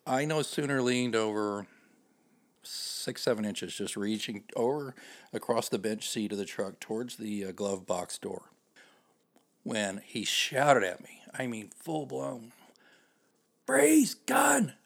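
A man's voice: on the low side, a little slow. A man hosting a podcast, telling a personal story in a conversational, self-deprecating way with frequent fillers. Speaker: podcast host.

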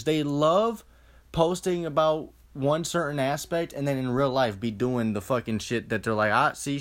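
A man ranting in a casual monologue, swearing freely, restarting his sentences and throwing out rhetorical questions. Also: a little high. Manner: profane, rambling, with frequent restarts and rhetorical questions.

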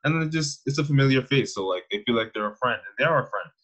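A man's voice: mid-range voice, rapid-fire, poor audio. A young man in his twenties from Canada, a fitness coach telling stories as a guest in a casual, slangy way and laughing often. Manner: slangy, animated storyteller who laughs often. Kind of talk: casual conversational interview.

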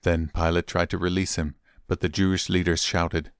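A man reading a Bible chapter aloud in steady, clear narration. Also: low-pitched, moderate pace, few pauses, no echo, studio quality. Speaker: Bible reader. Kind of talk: scripted scripture reading.

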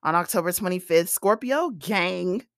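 A woman in her thirties hosts a podcast, recounting a story in a casual, exasperated, animated way and acting out the quoted lines. Her voice is on the low side at normal speed, recorded dry with studio quality.

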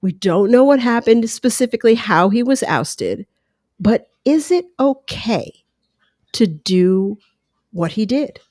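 A woman's voice: on the high side, lively intonation, slow pace, a little mellow, dry recording, studio quality. A woman hosting a podcast at home, talking through her opinions in a casual, conversational way with asides. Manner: conversational, talks through ideas with asides and quoted voices. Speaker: podcast host. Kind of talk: casual solo commentary. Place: room at home. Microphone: headphones and close mic at home. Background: dog lapping water.

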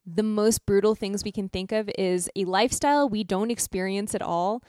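A young American woman co-hosts a casual travel podcast, telling animated stories and laughing often. Her mid-range voice moves at a moderate pace, recorded cleanly in a studio with no room sound.

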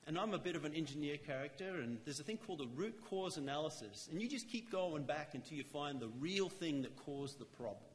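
Man, lay church speaker, earnest sermon delivery, somewhat high voice, reverberant hall. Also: animated. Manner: earnest, conversational, slows to stress key lines. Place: church chapel.

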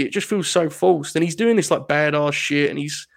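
A man from England talks in a casual podcast chat, his voice slightly high with a gravelly edge. He rants in an animated, profane, joking way. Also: moderate pace. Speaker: podcast co-host.

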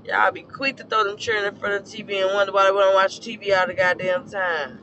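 A hoarse man with a fairly high voice delivers a blunt, cuss-filled rant about parenting. His tone is preachy and direct. Loud traffic and outdoor noise sit clearly behind him. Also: little pitch movement, quick pace, highs cut off. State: hoarse from a scorched throat. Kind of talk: casual opinion rant.

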